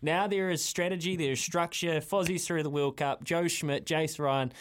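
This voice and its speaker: A man presenting breakfast radio, briskly moving the show along. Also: fairly high pitch, steady tone. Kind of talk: casual radio banter.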